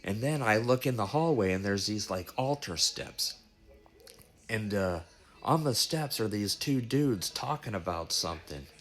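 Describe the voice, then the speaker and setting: A man telling the story of a strange dream in a casual, animated way, swearing freely. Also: fairly low pitch, measured pace. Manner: animated, profane, breathless retelling. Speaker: vlogger recounting a dream.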